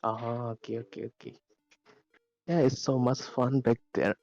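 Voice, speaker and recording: A man as a podcast guest, hesitant and soft-spoken, with shy laughs. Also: mid-range voice, little pitch movement, measured pace, no echo, highs cut off, soft background music. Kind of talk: casual chat.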